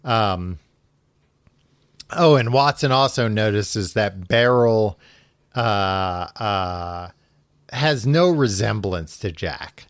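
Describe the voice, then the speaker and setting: A man's voice: lowish voice, expressive, very slow, long pauses, smooth, dry recording, clean studio sound. A man hosting a podcast, casually retelling a story in a loose, rambling way full of asides. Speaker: podcast host retelling a book. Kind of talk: casual chat, paraphrasing the story.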